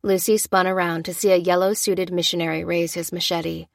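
A woman narrating a scripted story in a steady, even storytelling manner. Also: lowish voice, brisk, creaky, no echo, studio quality. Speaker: audiobook narrator.

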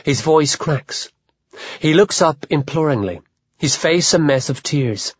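A man narrating a literary audiobook in a measured, even manner. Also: on the high side, breathy edge, no echo. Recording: dull lo-fi dry audio.

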